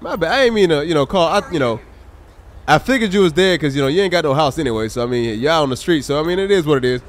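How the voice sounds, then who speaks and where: A man's voice: on the high side, fast talker, slight background noise. A man live-streaming a police role-play game, chatting with viewers and exclaiming at the game characters. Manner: animated, exclaiming, talks to chat and game characters. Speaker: streamer role-playing a state trooper. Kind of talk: casual live-stream gameplay chat.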